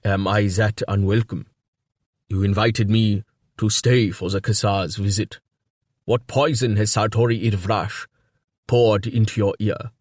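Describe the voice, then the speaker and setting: A man's voice: fairly low pitch, fairly even intonation, unhurried, darkish tone, no room sound, clean studio sound. A man reading a proud, suspicious king who presses his questions earnestly in an audiobook. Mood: suspicious, pressing. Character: proud foreign male king, suspicious and defensive.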